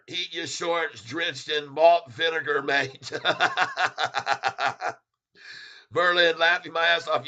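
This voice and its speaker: Male streamer, casual, chuckly, talks straight to viewers, fairly high voice. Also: pushed and bright. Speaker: stock livestreamer. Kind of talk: casual livestream, reading chat aloud.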